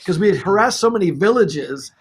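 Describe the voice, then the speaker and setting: A man, a record producer, telling stories in a casual podcast interview, animated and laughing as he goes. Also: high-pitched, a little fast, breathy edge.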